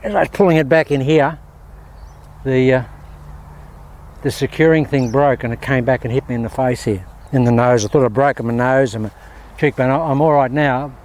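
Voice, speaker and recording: An Australian man talks his viewers through golf shots at a windy outdoor range. His voice sits at an ordinary middle pitch, and his delivery is chatty and upbeat. He keeps addressing the audience as friends. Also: fairly even intonation, moderate pace, a little mellow. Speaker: golf instructor. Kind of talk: casual on-course golf instruction.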